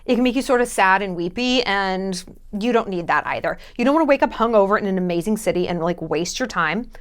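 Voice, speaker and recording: A woman's voice: mid-range voice, lively intonation, fairly quick. A woman travel vlogger giving casual advice in a blunt, jokey, sometimes profane way.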